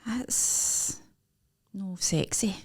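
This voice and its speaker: A Scottish woman in relaxed podcast chat, mid-pitched and easygoing. She keeps the conversation moving with questions. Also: very slow, breathy edge. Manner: chatty, asks questions. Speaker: podcast co-host, comedian. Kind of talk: casual chat.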